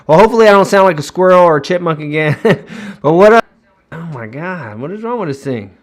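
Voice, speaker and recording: A man's voice: on the high side, lively intonation, a little fast. A man hosting a casual weekly livestream from home, greeting viewers by name and laughing often.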